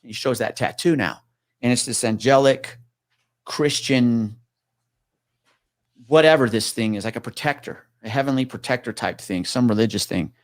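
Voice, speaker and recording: In a casual chat, a man recounts a tale, throwing in plenty of swearing and mimicking the people he quotes. He speaks at a moderate pace in a mid-range voice, captured with clean, dry studio sound.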